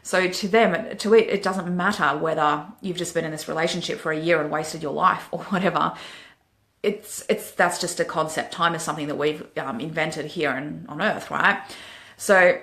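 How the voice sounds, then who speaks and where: Frank Australian woman, low voice, echoey room. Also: moderate pace. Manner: frank, lively, laughs at herself. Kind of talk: casual spiritual advice vlog.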